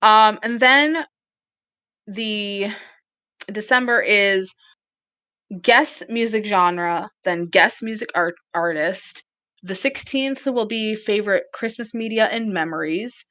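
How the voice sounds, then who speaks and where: A woman's voice: medium pitch, slow, bright, forceful tone, dry recording. A woman co-hosting a casual podcast, chatty and laughing often as she plans upcoming episodes. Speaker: podcast co-host. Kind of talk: casual chat.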